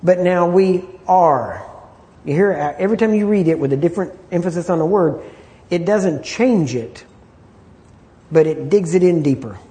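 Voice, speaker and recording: A man teaching an informal Bible study, talking conversationally, repeating himself and often clearing his throat. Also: fairly high pitch, lively intonation, normal speed, mellow.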